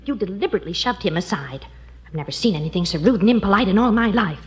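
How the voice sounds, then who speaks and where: An actress playing an exasperated wife in a 1940s radio sitcom, scolding and emotional. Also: female voice, mid-range voice, lively intonation, quick pace, breathy edge, lo-fi sound. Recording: hissy old radio broadcast.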